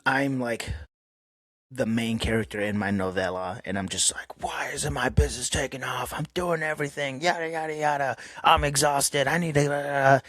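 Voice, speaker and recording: A man hosts his own podcast in a dry recording, his voice medium in pitch. He talks candidly and rambles casually through a solo monologue, leaning on plenty of fillers.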